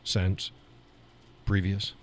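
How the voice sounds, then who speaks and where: A man's voice: sits low, monotone, very slow, a little hiss or hum. An American man hosting a live stream, chatting in a rambling, folksy way. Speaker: live show host. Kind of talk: casual chat on a live stream.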